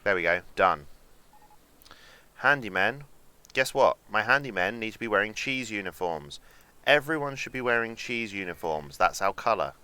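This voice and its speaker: A man's voice: fairly low pitch, expressive, normal speed, sharp tone, clean tone. A young man chatting and joking as he streams a game, reading out chat and swearing now and then. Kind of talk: casual gameplay commentary.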